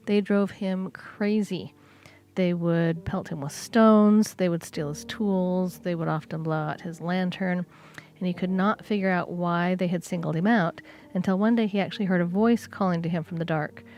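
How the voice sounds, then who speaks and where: A woman's voice: on the low side, moderate pace, darkish tone. A woman co-hosting a podcast, casually retelling a folk tale with chatty asides and fillers. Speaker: podcast co-host. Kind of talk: casual storytelling.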